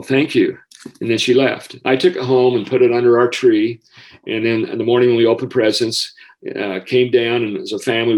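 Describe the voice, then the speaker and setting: A middle-aged school counselor with a medium-pitched voice tells a personal story earnestly and emotionally, often halting and restarting.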